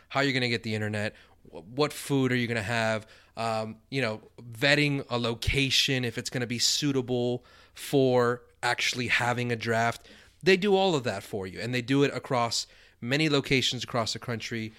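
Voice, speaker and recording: A man's voice: mid-range voice, normal speed, fairly bright tone, smooth. A man co-hosting a fantasy football podcast, chatting upbeat and laughing often. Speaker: podcast co-host. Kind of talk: casual podcast chat.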